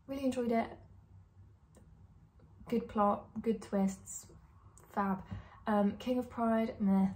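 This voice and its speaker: A young woman in her twenties, a vlogger, shares candid, casual opinions about books, peppering her chat with "like" and "um." Her mid-range, slightly mellow voice is flat in delivery and slow, with long pauses.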